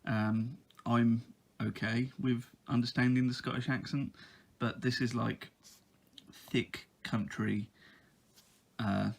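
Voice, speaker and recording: A man's voice: medium pitch, flat delivery, slow, creaky. A man giving a casual book review, talking in a hesitant way with lots of ums and uhs.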